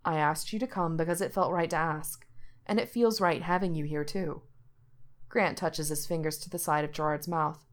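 A woman's voice: low-pitched, normal speed. A woman reading a story aloud as narrator, shifting her voice slightly for the characters' lines. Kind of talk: audiobook reading of fiction.

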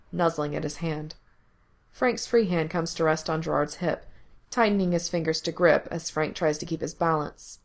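A woman narrating a story aloud, steady and even as she moves through the scene. Her voice sits low and has a gravelly, fry-edged texture. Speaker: reader. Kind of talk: reading explicit fan fiction aloud.

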